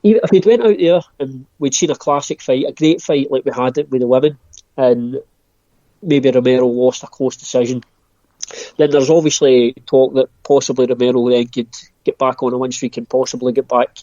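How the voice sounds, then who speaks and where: Dark-voiced man, dry lo-fi audio. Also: mid-range voice, steady tone, brisk, no echo. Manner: hesitant, with frequent ums and restarts. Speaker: podcast guest. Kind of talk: casual podcast chat.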